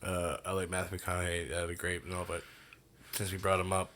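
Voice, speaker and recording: A man's voice: low-pitched, completely flat delivery, a little fast, a bit bright, a little hiss or hum. A man co-hosting a podcast, chatting loosely about a movie and swearing casually. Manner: loose, rambling and profane, laughs easily. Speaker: podcast co-host. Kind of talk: casual movie discussion chat.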